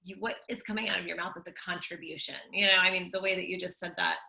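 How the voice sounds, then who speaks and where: A woman's voice: fairly low pitch, steady tone, fast, vocal fry, bright, forceful tone. A woman co-hosting a casual conversation, talking reflectively in loose sentences full of fillers. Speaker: co-host.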